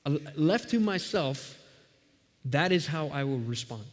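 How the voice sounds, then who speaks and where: A man's voice: a little high, measured pace. Conversational male pastor preaching. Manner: conversational, animated storytelling. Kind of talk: sermon. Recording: long reverb of a large hall.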